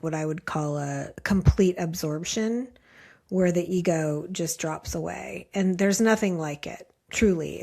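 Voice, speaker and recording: A woman in her late fifties, a meditation teacher, telling personal stories as a podcast guest in an earnest, thoughtful way with many "like" fillers. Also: on the low side. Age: late 50s. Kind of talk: reflective storytelling in conversation.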